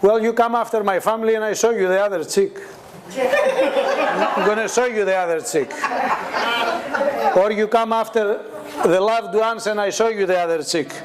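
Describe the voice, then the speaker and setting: Crowd and background noise accompany a high-sitting male voice moving at a moderate pace. The guest preacher gives a conversational testimony sermon to a congregation that responds, laughing frequently and performing the quoted voices in his lively stories.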